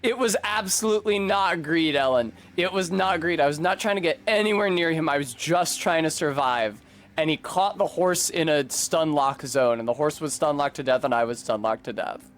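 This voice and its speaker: A man live-streaming a video game, chatting casually with his viewers and swearing freely between quick asides. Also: fairly high pitch.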